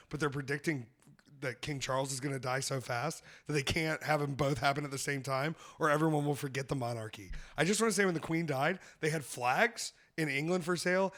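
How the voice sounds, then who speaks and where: A man with a somewhat high, slightly bright voice hosts a comedy podcast, sharing loose, profane travel stories. The chat is casual, and he laughs frequently.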